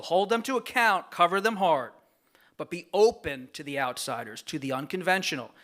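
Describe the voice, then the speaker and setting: A man's voice: a little high, sharp tone. A man giving a formal, earnest acceptance speech at a gala, reading prepared remarks of thanks from a podium microphone. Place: large gala banquet room.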